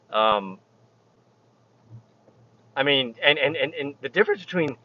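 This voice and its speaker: A man vlogging while he drives his truck, rambling in halting, restarting phrases with a sarcastic edge. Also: mid-range voice, highs cut off. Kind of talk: casual opinion vlog. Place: inside a truck while driving.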